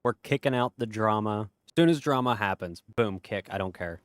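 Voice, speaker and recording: A man's voice: lowish voice, normal speed, no room sound. A man streaming a game, chatting casually and reading chat aloud in a laid-back, profane way.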